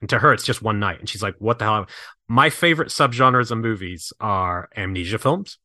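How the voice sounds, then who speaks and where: A man with a bright, forceful voice recorded close and dry, co-hosting a casual podcast. He rambles with enthusiasm as he recounts a film. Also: fairly low pitch, a little fast, no room sound. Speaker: podcast co-host.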